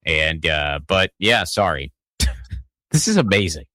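A man from Pittsburgh, Pennsylvania hosts a casual political podcast, his low voice slow, sing-song, and sharp-toned. Rambling and profane, he often starts sentences over and drifts into asides, recorded cleanly in a studio without echo.

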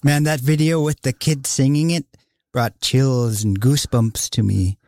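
A man's voice: medium pitch, steady tone, measured pace, darkish tone, dry recording, clean studio sound. A man interviewing a musician, speaking casually and with open enthusiasm. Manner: enthusiastic, admiring.

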